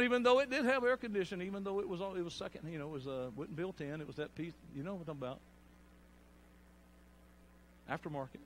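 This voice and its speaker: A middle-aged man, preaching a sermon with storytelling and loud bursts. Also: high-pitched, rapid-fire, hardly any pauses, dry recording.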